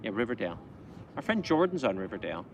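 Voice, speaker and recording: A man's voice: lowish voice, very animated, quick pace, a little hiss or hum. A Canadian man co-hosting a casual livestream chat, easygoing and rambling, reading out viewer questions. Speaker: livestream co-host.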